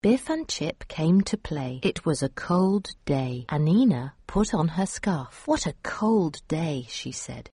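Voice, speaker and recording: A woman reading a children's picture book aloud, slowly and clearly, with expressive rises and falls. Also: low voice, dry recording, studio quality. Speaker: storyteller.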